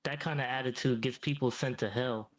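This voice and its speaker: A man's voice: medium pitch, steady tone, a little fast, lightly acted, rough recording. A synthetic male voice playing a smug, ancient devil who keeps calling people "mate". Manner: smug, says "mate" a lot. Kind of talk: AI chatbot role-play.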